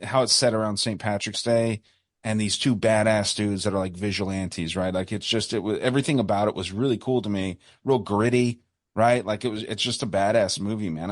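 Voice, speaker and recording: Rambling American man, low dry voice. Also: no room sound. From United States. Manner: enthusiastic, rambling, says "man" a lot. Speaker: podcast co-host. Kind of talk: casual podcast chat.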